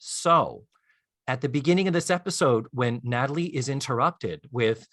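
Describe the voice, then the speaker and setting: A man co-hosting a podcast in casual chat, animated and storytelling, acting out scenes as he goes. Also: medium pitch, normal speed, dry recording. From Florida, US. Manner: animated storyteller, acts out lines and hums tunes. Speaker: podcast co-host.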